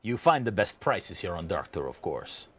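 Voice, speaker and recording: A man voicing a smooth-talking male armor merchant who pitches his wares with salesman patter. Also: very animated, normal speed, exaggerated voice. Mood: grudging. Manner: salesman patter, drops to a confiding hush.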